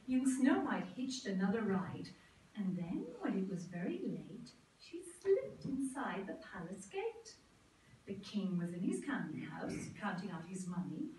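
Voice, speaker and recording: Theatrical woman storyteller, slow and very expressive; distant, reverberant room sound. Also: fairly high pitch, a little hiss or hum. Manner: theatrical, lively. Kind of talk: recited comic verse. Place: large drawing room. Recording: echoey room from far off.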